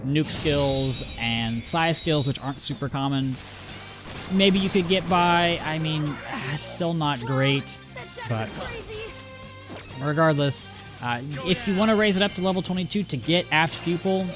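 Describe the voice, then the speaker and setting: A man giving casual let's-play commentary, chatty and rambling, often cutting himself off and laughing. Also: a little high. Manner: chatty, rambling, self-interrupting, laughs easily. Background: game music.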